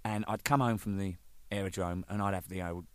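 An English man, a band's drummer, telling casual anecdotes in an animated way, swearing freely and joking at himself. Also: deep voice, fairly quick, clean tone, no echo. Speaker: band drummer telling stories.

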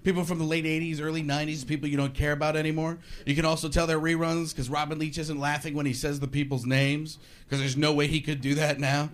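A man's voice: on the high side, little pitch movement, fast talker, few pauses. A man performing a stand-up comedy set, ranting animatedly and slipping into voices. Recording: live stage audio with noise.

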